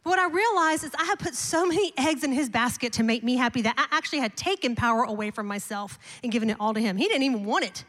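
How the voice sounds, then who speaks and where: A middle-aged woman pastor preaching a sermon, telling a personal story in an animated, emphatic way with repeated refrains. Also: a little high, quick pace, hardly any pauses. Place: large church auditorium. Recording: long hall reverb.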